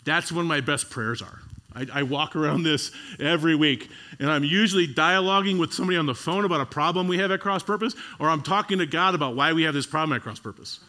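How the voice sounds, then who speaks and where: With a fairly high-pitched voice, this male pastor preaches animatedly and conversationally, moving from booming moments to soft, unhurried passages.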